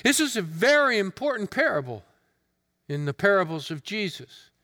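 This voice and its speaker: A male preacher giving an earnest, emphatic sermon in a deliberate manner. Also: high-pitched, very animated, pushed and bright. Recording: long hall reverb.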